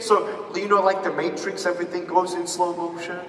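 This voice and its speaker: A man giving a live motivational speech to an audience, animated and quizzing the crowd with call-and-response questions. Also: high-pitched, fairly quick, hardly any pauses. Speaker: motivational speaker. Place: large hall with an audience. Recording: echoey hall recorded from far off.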